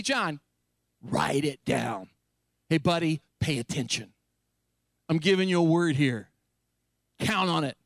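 A man preaching an animated, emphatic sermon as a pastor, paraphrasing scripture in a lively voice. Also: medium pitch, no echo, clean studio sound.

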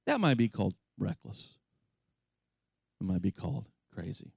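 A man's voice: sing-song, moderate pace, gravelly, darkish tone, breathy edge, dry recording. A man preaching a sermon, passionate and emphatic, with chatty asides to his congregation. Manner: impassioned, rising to high emphatic peaks when quoting scripture. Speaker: pastor.

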